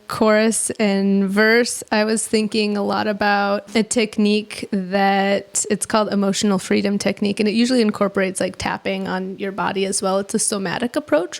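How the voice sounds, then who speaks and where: Reassuring woman with a gravelly edge. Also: medium pitch. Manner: reflective and reassuring, speaks directly to the viewer. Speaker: therapist and coach, host. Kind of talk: reaction commentary.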